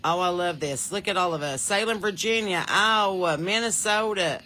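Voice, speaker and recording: A woman with a Southern US drawl hosts a casual livestream, calling out viewers' names and states in a folksy, friendly chatter. Her voice is bright and forward, with a faint hiss of noise under it. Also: lowish voice, normal speed. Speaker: podcast host.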